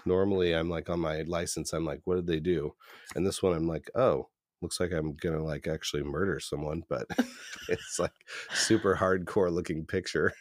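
A man's voice: fairly even intonation, moderate pace, no echo. A young man co-hosting a podcast in casual chat, telling stories with laughs and putting on voices for the people he quotes. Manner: laughing storyteller, acts out quotes in higher voices. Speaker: podcast co-host.

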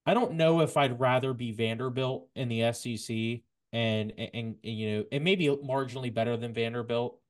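Halting, excitable man on a sports podcast. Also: medium pitch. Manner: halting, repeats words, bursts of excitement. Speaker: podcast host. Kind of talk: casual sports talk.

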